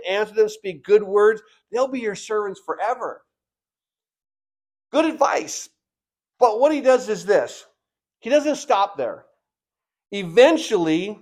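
A man preaching a sermon, reading scripture aloud and commenting on it with sudden loud bursts of emphasis. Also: a little high. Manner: expressive preaching, bursts loud on key points.

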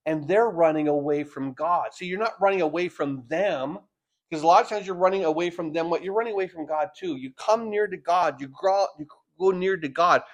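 A man preaches in a voice that's a little high. His sermon moves from loud, emphatic statements to soft phrases stretched out slowly, with frequent repetition of words as he develops his points.

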